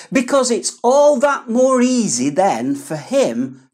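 A woman's voice: a little high, big pitch swings, slow pace, few pauses, darkish tone. A woman preaching an earnest, emphatic sermon with pleading repetitions.

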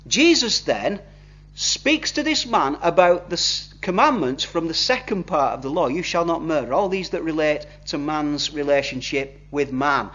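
High-voiced man preaching a sermon. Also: a bit bright, breathy edge. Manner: conversational preaching, acts out quoted speakers. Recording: slightly dull lo-fi recording.

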